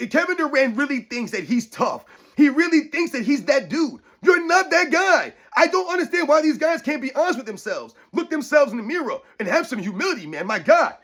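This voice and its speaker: A man rants about sports straight to his viewers, blunt and mocking, hammering the same points again and again. His voice sits very high for a man. He talks at a quick, pushing clip. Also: fairly bright tone. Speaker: sports commentary vlogger. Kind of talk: heated opinion rant to camera.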